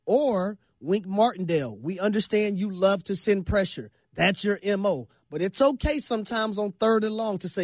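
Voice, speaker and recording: A man's voice: high voice, lively intonation, normal speed, few pauses, no echo. A man co-hosting a sports talk radio show in a studio, emphatic and preachy, with folksy sayings and repeated phrases.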